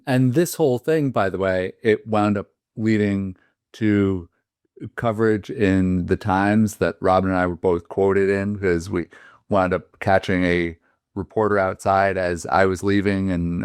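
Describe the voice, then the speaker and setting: Male podcast host, very low voice, dry close sound, easygoing and rambling. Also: fairly even intonation, measured pace, clear, resonant tone, dry recording. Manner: loose, rambling storytelling. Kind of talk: casual interview.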